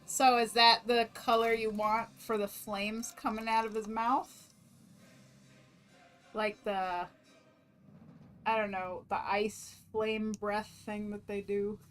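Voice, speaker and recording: A woman's voice: medium pitch, level tone, slow pace, long pauses, soft background music. A woman artist chatting casually as she talks through each step of her drawing on a stream. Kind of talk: casual narration while drawing.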